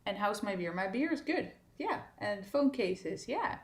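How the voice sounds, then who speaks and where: A woman singer hosting a casual livestream for her fans, chatting easily, laughing often and filling pauses with ums. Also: mid-range voice. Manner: relaxed and chatty, laughs often, many fillers. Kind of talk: casual livestream chat reading viewer comments. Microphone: streaming setup at a desk.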